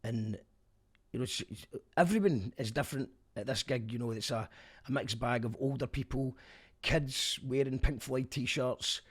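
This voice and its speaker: A man's voice: mid-range voice, a little slow, breathy edge. Chatty Scottish man reviewing a gig. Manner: chatty, wry asides. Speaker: podcast host. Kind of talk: casual spoken review.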